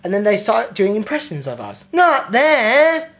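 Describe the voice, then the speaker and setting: A man's voice: high voice, big pitch swings, brisk, gravelly. A young man ranting in a sweary, indignant video diary with exaggerated complaints. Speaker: vlogger.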